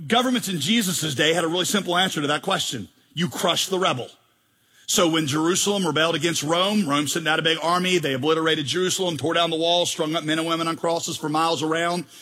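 A man's voice: on the high side, pushed and bright, breathy edge. A male pastor preaching a sermon with emphatic delivery, rhetorical questions and jokes.

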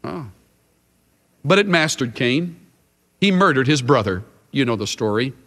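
A man delivering a sermon to a congregation, slow and deliberate with a voice that swings widely up and down for emphasis. His words ring out in a large hall with a long echo behind them. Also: mid-range voice, lively intonation, fairly bright tone. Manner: emphatic, dramatic shifts of emphasis. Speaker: Bible teacher.

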